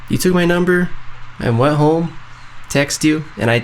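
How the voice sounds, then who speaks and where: A man's voice: fairly high pitch, unhurried, a little hiss or hum. A man casually telling a story on a podcast in a laid-back way, often laughing along. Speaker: podcast co-host.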